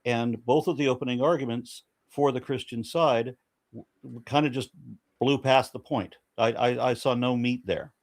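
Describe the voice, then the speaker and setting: A man's voice: mid-range voice, steady tone, normal speed. Blunt, exasperated man debating. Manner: blunt, exasperated, swears when frustrated. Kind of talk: live-streamed debate discussion.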